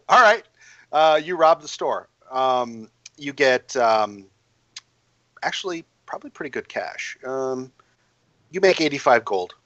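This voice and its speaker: A man running a tabletop game, narrating in a bright, forceful voice and stumbling over fillers and restarts. The sound is dry and close, and the recording is dull and lo-fi. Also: medium pitch, animated, no room sound. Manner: halting, full of fillers and restarts. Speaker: game master.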